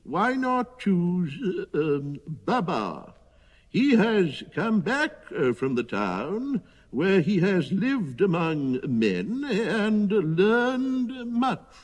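A man voicing a very old, wise male elephant with a quavering, slow and halting voice. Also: high voice, big pitch swings, long reverb tail, pitched above the performer's own voice, full character voice. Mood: solemn. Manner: slow, hesitant, halting speech.

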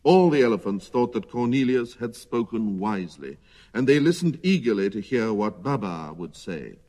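Expressive man reading a storybook. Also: lowish voice, moderate pace, in a large hall. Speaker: storybook reader. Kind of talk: storybook narration.

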